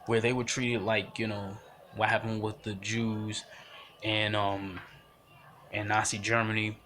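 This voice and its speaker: A young man talks through his opinions in a loose, emphatic ramble, circling back and restarting his sentences. His tone is bright and forceful, and a faint hiss sits under the recording. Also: fairly low pitch, level tone, unhurried. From United States. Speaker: vlogger giving commentary. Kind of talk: casual spoken commentary.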